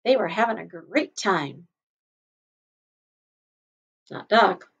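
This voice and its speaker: A woman kindergarten teacher reading a picture book aloud to children, gently stopping to explain words. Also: medium pitch, animated, slow, slightly rough, lo-fi sound.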